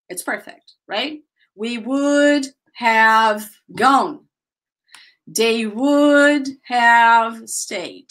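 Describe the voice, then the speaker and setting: Slow-paced teacher, higher voice. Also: female voice, expressive, a bit bright. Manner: drills words slowly for repetition, chatty asides to students. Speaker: English teacher. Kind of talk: live online English lesson.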